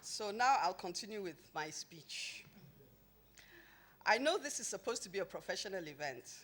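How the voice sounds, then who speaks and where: Lively woman giving a launch speech. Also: fairly low pitch. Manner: humorous storytelling, emphatic and lively. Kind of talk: formal speech with personal anecdotes. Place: event venue before an audience.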